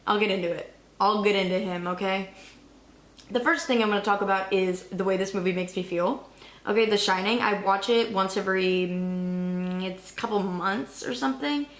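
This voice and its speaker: A young woman vlogging in a casual, rambling, excitable way, cursing now and then. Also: mid-range voice, moderate pace, roomy sound. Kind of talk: casual chat.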